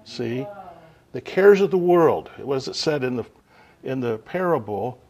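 Man preaching, loud then hushed. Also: mid-range voice, animated, dull audio. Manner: unhurried, with sudden swings between loud emphasis and quiet asides. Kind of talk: sermon.

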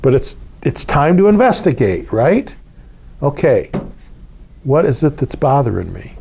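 His voice is mid-range and dark, with big pitch swings, vocal fry, and a breathy edge, and he never hurries. An American spiritual teacher, he talks casually to a small group, repeating key phrases and asking questions, in a slightly dull lo-fi recording.

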